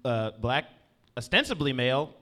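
Lively, bright-voiced male stand-up comic. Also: medium pitch, normal speed. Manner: rambling, self-deprecating, keeps asking "you know what I mean". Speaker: comedian. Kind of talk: stand-up comedy set. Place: stage before a live audience.

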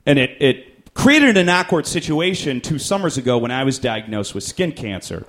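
A man's voice: medium pitch, big pitch swings, normal speed, fairly bright tone, a little hiss or hum. A man doing stand-up, telling a long story in a rambling, self-deprecating way. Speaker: stand-up comedian.

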